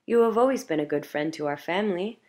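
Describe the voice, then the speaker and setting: A woman's voice: lowish voice, expressive, fast, darkish tone, close to an everyday voice. A woman reading the part of an earnest young man who coaxes and pleads. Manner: pleading, coaxing.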